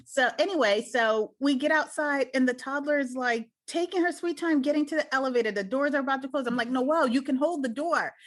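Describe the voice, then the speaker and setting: A woman in casual conversation, telling a lively story and acting out the people in it. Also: a little fast, few pauses. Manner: animated, acts out quotes in higher voice. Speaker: podcast guest.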